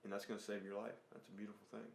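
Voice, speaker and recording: Low-voiced relaxed man, echoey room. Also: rapid-fire, vocal fry, a little hiss or hum. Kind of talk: podcast conversation. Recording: roomy echo.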